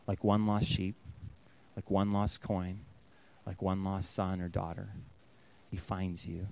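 A man in his thirties, a pastor giving an earnest storytelling sermon that often drops to a hush. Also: low-pitched, monotone, takes it slowly, gravelly, smooth.

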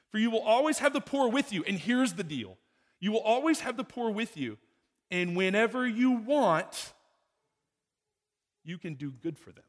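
A man delivers a sermon in a relaxed, talky way, pausing for questions to the congregation. His voice sits a little higher than most men's and swings up and down a lot. A long reverb from the hall trails after each phrase. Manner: conversational preaching, rhetorical questions to the congregation. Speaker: pastor.

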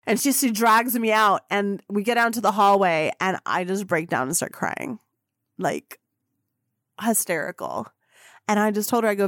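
A woman hosting a podcast, telling a personal story in an excitable, gushing way and swearing casually. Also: mid-range voice, normal speed, no echo, studio quality. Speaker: podcast host.

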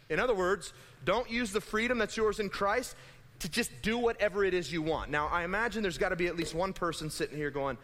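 A young adult man, a pastor, giving a conversational, animated sermon in a church and acting out imagined voices. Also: high-pitched. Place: church sanctuary. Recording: hall reverb.

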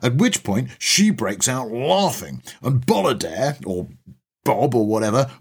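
A man's voice: mid-range voice, sing-song, measured pace, slightly rough. A man reading a comic short story aloud in a wry, chatty first-person voice.

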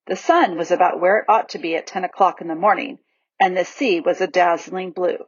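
A woman narrating a children's storybook aloud with an expressive, varied delivery, on a dull lo-fi recording. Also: lowish voice, brisk, husky, no room sound. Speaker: audiobook reader.

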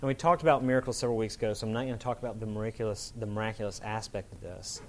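A man's voice: lowish voice, steady tone, very fast. Man preaching with earnest emphasis. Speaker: pastor. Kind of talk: sermon.

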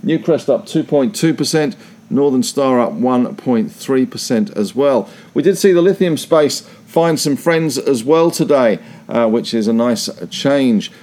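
An Australian man giving a brisk, breezy stock market wrap-up with folksy asides. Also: mid-range voice, expressive, darkish tone. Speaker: market reporter.

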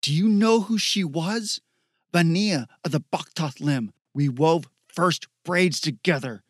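A man's voice: on the high side, animated, fairly quick, dry recording, studio quality, lightly acted. A proud young warrior woman out of a storybook, voiced by a man. She talks in a commanding, intense way, with clipped, serious words. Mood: furious.

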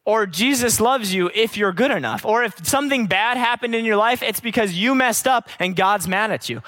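A man's voice: high voice, fairly bright tone. A man preaching a sermon, emphatic, with repeated rhetorical questions and casual conversational asides.

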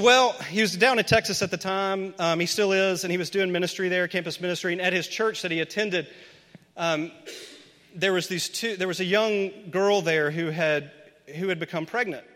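A man's voice: sits high, bright, forceful tone. A man preaching a storytelling sermon in a conversational, earnest way that builds to emphatic points. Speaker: pastor. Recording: long reverb of a large hall.

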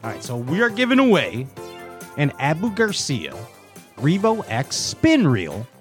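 Goofy high-energy male show host. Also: huge pitch swings, measured pace, soft background music. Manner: goofy, riffing, scatting and joking. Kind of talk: casual livestream show banter.

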